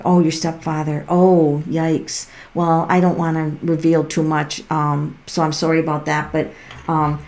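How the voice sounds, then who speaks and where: A woman's voice: low-pitched, darkish tone. A middle-aged woman giving tarot readings on a home livestream, chatty and rambling and often laughing, speaking into a laptop mic. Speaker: tarot reader hosting a live stream. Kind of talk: casual livestream chat while giving readings. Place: at home on a farm. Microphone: laptop built-in mic.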